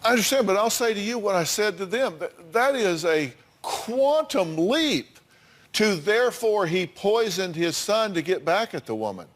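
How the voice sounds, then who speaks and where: American talk show host guy, calm and measured, voice a bit high. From United States. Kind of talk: daytime talk show moderating.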